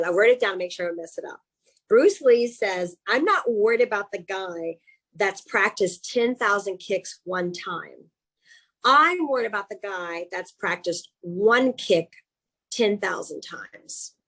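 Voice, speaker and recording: A woman with a Southern accent coaches a webinar audience over a video call. Her voice has a husky grain, and she keeps her delivery chatty and animated. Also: mid-range voice, rough recording. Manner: chatty and animated, with self-mocking asides. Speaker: executive coach. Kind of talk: webinar presentation.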